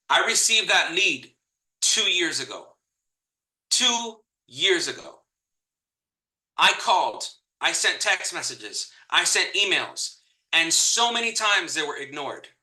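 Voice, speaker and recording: A man teaching a live real estate training, energetic and repeating key points for emphasis. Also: a little high, reverberant, low-quality recording. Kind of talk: live online training talk.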